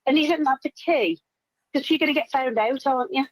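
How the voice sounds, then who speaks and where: A woman's voice: high voice, fairly quick, no echo, rough recording. A woman calling in to a football phone-in, friendly and storytelling, often ending on tag questions. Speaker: caller. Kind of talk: casual football phone-in chat.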